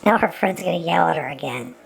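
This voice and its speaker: A woman's voice: fairly low pitch, animated, fast, vocal fry, rough recording. A woman giving sarcastic running commentary over an old film, often stumbling and repeating her words.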